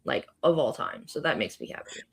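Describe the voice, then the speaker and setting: A woman's voice: extremely low pitch, animated, fairly quick, creaky, slightly rough. A woman co-hosting a casual chat, talking fondly and chattily with lots of filler likes. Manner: chatty, warm-hearted, many likes. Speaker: podcast co-host.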